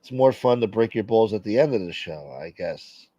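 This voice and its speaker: A man's voice: on the low side, animated, normal speed, dark tone, no echo, highs cut off. A man hosting a casual livestream, reading viewer comments and rambling with plenty of profanity. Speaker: livestream host reading chat. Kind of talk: casual late-night stream chat.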